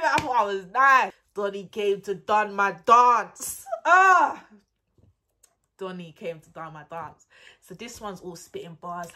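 A young woman telling a story in a casual, animated way, laughing often and dropping into a hush to act out texts. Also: fairly low pitch, moderate pace. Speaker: vlogger.

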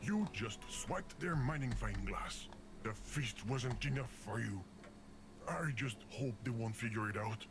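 A fussy, exasperated game narrator. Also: male voice, medium pitch, expressive, measured pace, music in the background. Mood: sarcastic. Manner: scolding the player, theatrical outbursts. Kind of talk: video game voice acting.

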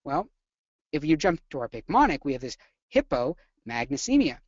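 A nursing instructor teaching a live webinar lecture, energetic and chatty, often quizzing the audience. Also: mid-range voice, moderate pace, no room sound, dull audio.

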